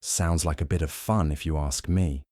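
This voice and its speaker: A man's voice: a bass voice, steady tone, moderate pace, a little mellow, no echo, clean studio sound. A man voicing a tall, honest ex-soldier companion who talks in a hearty, straightforward way in a storybook reading.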